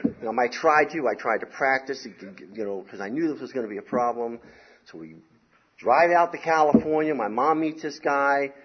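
A man's voice: mid-range voice, normal speed, a little hiss or hum. Rambling storytelling man, slightly dull recording. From Southern US. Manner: rambling and animated, peppered with "man" and "you know". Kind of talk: casual personal storytelling.

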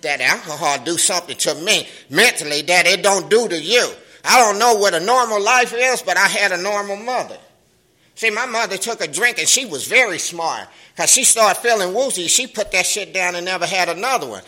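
In a high voice at a moderate pace, a middle-aged man uses African American Vernacular English to share his recovery story at a meeting. His delivery is animated and streetwise, with profanity and laughter, and the recording is low quality.

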